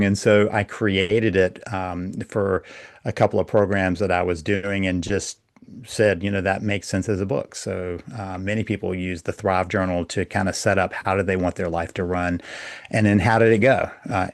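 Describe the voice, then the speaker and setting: A man who is a guest on a podcast, explaining his ideas in a measured way as a coach. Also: deep voice, little pitch movement, no room sound, clean studio sound. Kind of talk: podcast interview.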